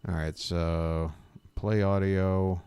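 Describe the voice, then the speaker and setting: Slow, sarcastic male stream host. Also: sits low, flat delivery, dark tone, clear, resonant tone, dry recording. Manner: joking, sarcastic riffing; rambling, self-interrupting. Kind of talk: casual live-stream commentary.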